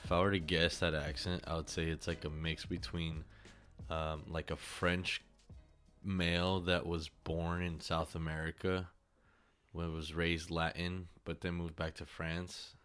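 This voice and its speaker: A man's voice: low-pitched, little pitch movement, unhurried, a bit bright, clear, resonant tone, soft background music. A man co-hosting a casual podcast, laid-back and giggly, mostly giving short replies. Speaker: podcast co-host.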